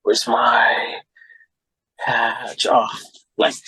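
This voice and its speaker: A man telling animated stories in a casual podcast chat, acting out what people said and swearing freely. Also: mid-range voice, drawn-out words, husky, no echo. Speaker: podcast guest. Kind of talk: casual storytelling.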